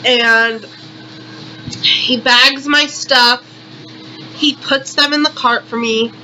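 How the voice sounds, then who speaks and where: A woman's voice: on the high side, fairly even intonation, takes it slowly, pushed and bright, slight background noise, poor audio. A young woman vlogger performing a satirical monologue in exaggerated, repetitive, melodramatic outrage.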